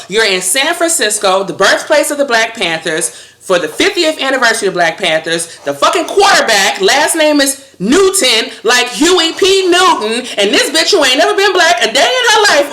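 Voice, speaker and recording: A woman's voice: high-pitched, sharp tone, reverberant. A woman delivering a heated, profane, scolding monologue with a sarcastic edge. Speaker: commentator.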